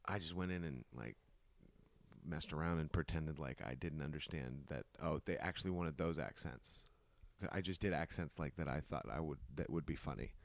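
A young man in casual podcast chat, telling lively anecdotes and slipping into quick put-on voices. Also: extremely low pitch, vocal fry, no room sound. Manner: animated storyteller, puts on voices in anecdotes.

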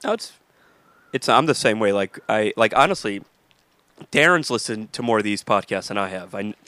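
A man's voice: fairly low pitch, animated, moderate pace, sharp tone, no echo. A man hosting a podcast in casual chat, teasing with crude jokes. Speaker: podcast host.

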